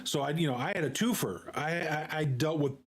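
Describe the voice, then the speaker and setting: Halting man in casual stream chat. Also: on the high side, breathy edge. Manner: halting, repeats words, many fillers.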